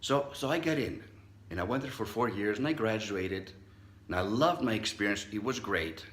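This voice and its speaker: A man's voice: on the low side, lively intonation, moderate pace, fairly bright tone, reverberant. A middle-aged man, a psychologist, giving a motivational talk and telling a personal story, acting out the voices he quotes. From Southern California. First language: not English.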